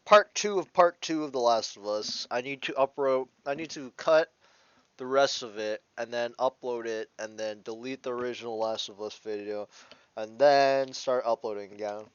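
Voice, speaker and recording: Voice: mid-range voice, normal speed, clear, resonant tone, no room sound, highs cut off. A let's play host giving casual, rambling commentary while playing a video game. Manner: rambling and offhand.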